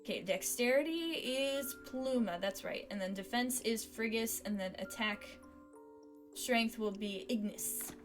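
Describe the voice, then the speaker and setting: Excitable woman gamer with game music. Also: fairly high pitch, unhurried. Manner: excitable, chatty, thinking aloud. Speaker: game streamer. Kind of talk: let's play commentary.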